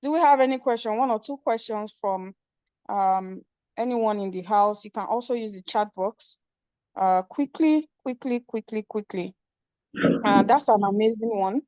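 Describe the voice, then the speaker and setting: A woman's voice: mid-range voice, normal speed, a little mellow, no echo. A woman moderating an online meeting, calling for questions and repeating words to hurry things along. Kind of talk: hosting a Q&A.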